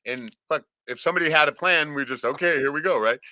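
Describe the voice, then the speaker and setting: Brash, bright-voiced man telling crude stories. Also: on the high side, fast. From Alaska. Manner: profane rambling storyteller, says "right?" often. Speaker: livestream host. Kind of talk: casual storytelling chat.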